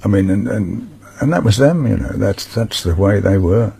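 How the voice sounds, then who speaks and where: A man recalling touring memories in an interview, halting with fillers. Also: lowish voice, animated, creaky, warm tone, husky. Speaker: musician interviewee. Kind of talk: interview recollection.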